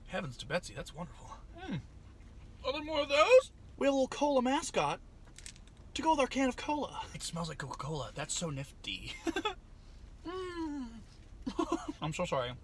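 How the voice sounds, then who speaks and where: A man's voice: fairly high pitch, a bit bright, slight background noise. Silly guy taste-testing snacks, voice bounces all over, sarcastic. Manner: goofy, sarcastic, jumps into silly bits. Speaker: vlogger. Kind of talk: snack taste-test vlog.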